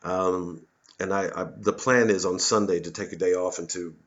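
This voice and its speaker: A man rambles through a satirical monologue, sardonic and quick to swear. His voice sits low. The recording is muffled and lo-fi. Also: fairly even intonation. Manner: sardonic, swearing, mocks others in put-on voices. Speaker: comedian and satirist.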